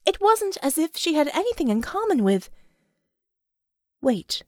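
Expressive female audiobook narrator, high and animated, dry booth sound. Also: dry recording. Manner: expressive, measured storytelling.

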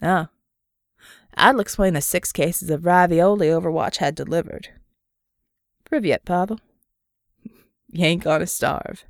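A woman's voice: on the low side, measured pace, vocal fry, long pauses, dry recording, studio quality. A woman playing a laid-back man. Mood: easygoing.

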